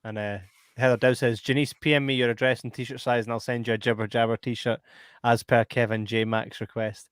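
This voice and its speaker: A Scottish man co-hosting a podcast, reading out viewer comments with quick amused remarks. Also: medium pitch, level tone, clean tone, dry recording, clean studio sound.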